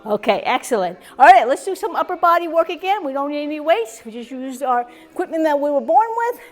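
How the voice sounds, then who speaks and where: Fitness instructor, woman, high voice, encouraging, whooping, slightly winded. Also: very animated, a little fast, faint music behind. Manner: upbeat, encouraging, with cheering whoops. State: slightly out of breath. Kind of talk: guided chair exercise class. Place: senior center hall.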